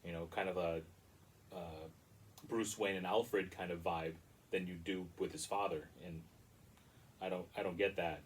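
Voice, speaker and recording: A man talks through his take on a movie in a loose, meandering way, doubling back on his words as he criticizes it. His voice sits a little low and is picked up from some distance off the mic. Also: fairly even intonation, moderate pace, long pauses. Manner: rambling, critical, frequent restarts. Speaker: movie reviewer. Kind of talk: casual spoken review.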